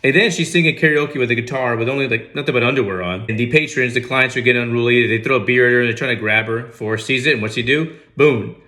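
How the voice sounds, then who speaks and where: A man's voice: mid-range voice, fast, few pauses, pushed and bright. A man giving casual comedic movie commentary, sarcastic and incredulous with mock outrage. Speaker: movie reaction host.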